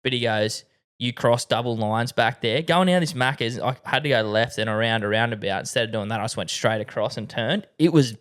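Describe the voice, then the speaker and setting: An Australian man in his twenties or thirties, chatting loosely on a podcast and telling stories with a relaxed, laid-back delivery. His talk is full of slang and swearing, and his voice sits at an ordinary middle pitch. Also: a little fast, clear, resonant tone. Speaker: podcast host. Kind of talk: casual chat.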